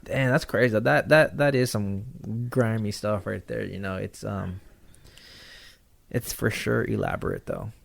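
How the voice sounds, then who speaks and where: Gravelly man chatting laid-back. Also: lowish voice, fairly even intonation, a little slow, no echo. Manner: reflective, laid-back, offers advice. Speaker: podcast guest. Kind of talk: casual chat.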